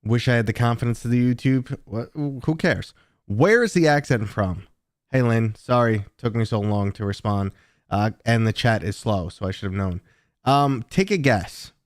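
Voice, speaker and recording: A man with a New York accent, hosting a casual livestream and chatting with viewers in a talkative, relaxed way. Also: medium pitch, normal speed, no echo, studio quality. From New York City. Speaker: livestream host.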